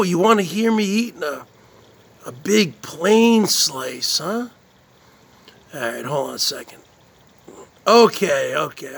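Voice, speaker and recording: A man's voice: sits high, gravelly, heavily acted. A man doing a comic impression of a boastful Jersey man who brags about his pizza and moans with pleasure as he eats it. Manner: loud smacking yummy sounds, bragging.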